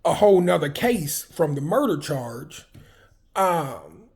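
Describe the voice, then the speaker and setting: A man from Arkansas, casually telling personal stories in a flamboyant, animated, profane way. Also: a little high, slow pace, vocal fry, husky. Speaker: vlogger.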